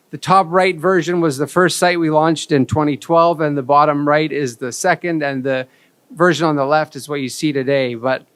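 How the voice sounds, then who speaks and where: A man's voice: fairly high pitch, clean tone, no room sound. Candid man telling a conference story. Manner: candid, self-deprecating storytelling. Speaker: conference speaker. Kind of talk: storytelling keynote talk. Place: conference stage.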